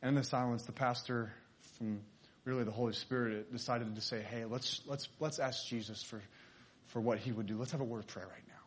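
A man at a middle pitch preaches through a story. He voices each character's lines as he tells it, in a sermon style. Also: fairly even intonation, brisk, a little hiss or hum.

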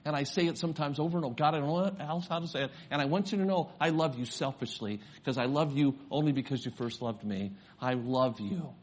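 An older male pastor delivers a sermon in a slightly high, husky voice. He moves from quiet, personal storytelling to fervent, emphatic preaching. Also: fast talker, few pauses.

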